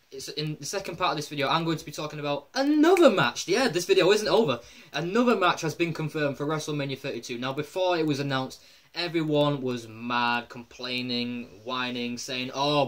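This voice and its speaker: Excitable young man ranting to his viewers. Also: fairly high pitch. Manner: excitable, rambling, addresses viewers as guys. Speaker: wrestling fan video host. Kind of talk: excited casual commentary.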